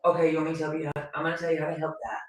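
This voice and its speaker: A woman from Appalachian North Carolina, a podcast guest speaking frankly and quick to reassure. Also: sits low, flat delivery. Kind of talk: emotional casual conversation. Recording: echoey room, far from the mic.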